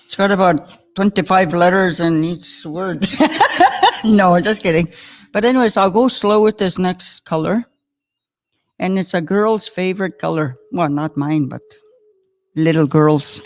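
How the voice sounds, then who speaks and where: Speaking in a low-leaning, animated voice, a woman teaches vocabulary slowly and patiently. She sounds out each new word with care, chats in between and laughs softly throughout.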